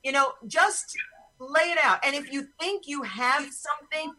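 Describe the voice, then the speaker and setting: Bright-voiced woman host ranting bluntly. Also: high-pitched, moderate pace, rough recording. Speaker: podcast host. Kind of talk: casual chat on a video call. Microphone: video call.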